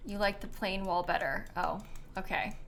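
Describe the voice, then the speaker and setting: A woman's voice: medium pitch, fairly even intonation, moderate pace, a bit bright, slight background noise. A young woman streaming a game, thinking aloud in casual chat, hesitant and full of ums.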